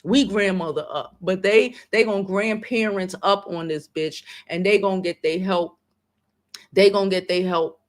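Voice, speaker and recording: A woman's voice: medium pitch, moderate pace. A woman hosting a casual livestream, talking in an emphatic, emotional way and swearing freely. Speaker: livestream host.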